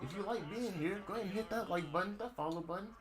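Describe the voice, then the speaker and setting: Slangy streamer mocking a troll. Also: male voice, high-pitched, fast talker, over music. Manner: mocking, slangy, addressing chat. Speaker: gaming streamer. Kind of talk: casual live-stream talk. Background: game crowd noise.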